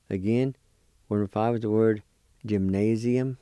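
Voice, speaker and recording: A man hosting a radio language lesson, patiently spelling words and repeating each syllable slowly. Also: lowish voice, fairly even intonation, dark tone, smooth, no room sound, studio quality. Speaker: language teacher and radio host. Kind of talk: slow spelling and pronunciation lesson. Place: radio studio.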